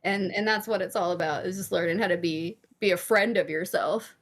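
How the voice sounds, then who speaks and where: A woman's voice: fairly low pitch, fairly quick. Picture a woman guest on a laid-back podcast interview, a therapist and life coach. She talks openly and candidly, swears now and then, and leans on plenty of fillers as she explains her ideas. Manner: frank and candid, casual swearing, many fillers.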